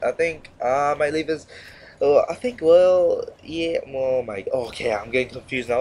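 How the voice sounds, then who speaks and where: Speaking at normal speed in a mid-range voice, a teen gamer rambles through commentary on his play. He's sarcastic and keeps interrupting himself.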